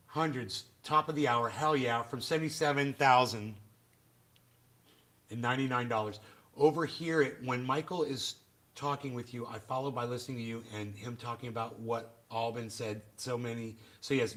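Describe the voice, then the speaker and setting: Sharp-voiced profane man streaming live. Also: medium pitch. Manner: profane, blunt and ranting; chats with viewers in the live chat. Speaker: livestream host. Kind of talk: casual livestream rant.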